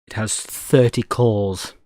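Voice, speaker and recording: A man's voice: lowish voice, fairly even intonation, slow, warm tone, dry recording. Exasperated man muttering at his computer. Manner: swears freely, jokey. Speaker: Linux livestreamer. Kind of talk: casual live-stream self-talk.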